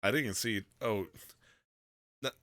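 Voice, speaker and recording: A man's voice: on the low side, slow pace, pushed and bright, no echo, studio quality. A man from Michigan hosting a podcast, joking around and laughing easily in casual chat. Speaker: podcast host.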